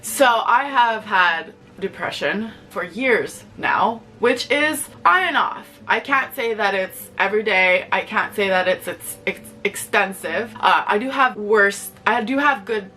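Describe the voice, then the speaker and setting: A woman's voice: mid-range voice, a little slow, sharp tone, faint music behind. A young woman at home speaking candidly to camera in a rambling vlog, full of "like" fillers and restarts. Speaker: vlogger. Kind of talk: candid personal confession to camera.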